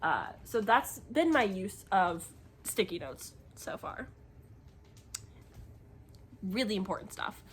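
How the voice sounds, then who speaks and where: Young female book vlogger, casual and rambling, expressive, mid-pitched. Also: takes it slowly, long pauses, a little hiss or hum. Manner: rambling and chatty, with many fillers; emotionally expressive. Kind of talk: casual reading vlog chat.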